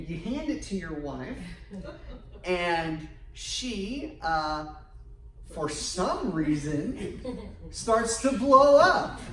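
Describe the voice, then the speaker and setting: A husband co-leading a church marriage workshop, halting and full of restarts, getting animated in his stories. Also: sits high. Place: church hall. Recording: echoey room, far from the mic.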